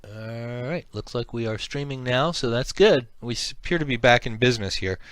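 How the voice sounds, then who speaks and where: A man running a tabletop role-playing game as game master, hesitant and halting as he describes the scene. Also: mid-range voice, a bit bright, clean tone, dry recording. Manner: hesitant, many ums and repeated starts.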